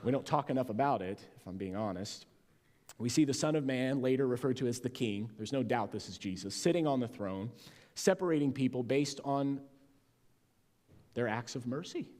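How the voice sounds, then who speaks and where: A man's voice: mid-range voice, lively intonation, normal speed, darkish tone. A man preaching a sermon as pastor, delivering it with emphasis and drawing out key words. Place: church sanctuary. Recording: long church reverb.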